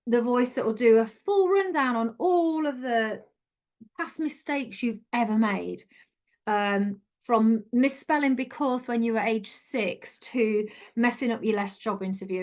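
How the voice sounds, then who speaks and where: Chatty woman coaching. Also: mid-range voice. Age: middle-aged. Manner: chatty, earnest, encouraging. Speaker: life coach. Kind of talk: online coaching talk.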